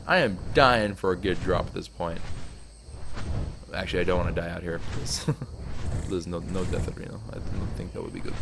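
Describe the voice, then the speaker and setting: A young man casually commenting on his gameplay, joking and complaining, sometimes pleading loudly. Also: deep voice, gravelly, background noise. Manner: animated, joking, swings to loud pleading. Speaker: gaming YouTuber.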